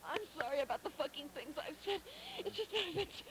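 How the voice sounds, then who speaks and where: A woman's voice: sits high, lively intonation, brisk, crowd noise, low-quality recording. A woman playing a breathless, foul-mouthed lover. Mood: aroused. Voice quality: breathy moaning, coarse profanity. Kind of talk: explicit audio drama acting.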